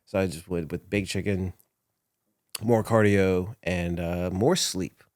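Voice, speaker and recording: A man, a professional wrestler, telling stories in a casual studio interview, animated, laughing often and acting out what people said. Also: sits low, slow, no room sound. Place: podcast studio. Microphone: studio microphone.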